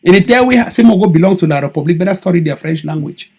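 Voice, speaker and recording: Heated Cameroonian man with a husky voice. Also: high-pitched, animated, racing, a little mellow. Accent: Cameroonian English with Pidgin. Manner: heated, emphatic, accusatory, repeats for stress. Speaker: political activist. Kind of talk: impassioned video monologue.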